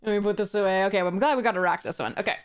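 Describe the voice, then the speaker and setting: A woman's voice: medium pitch, rapid-fire, clear, resonant tone. A woman talks through a card box opening in a casual, unscripted way. She reads the card text aloud in a mid-range voice and chuckles often. She trips over her words and starts sentences again. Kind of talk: casual unboxing narration.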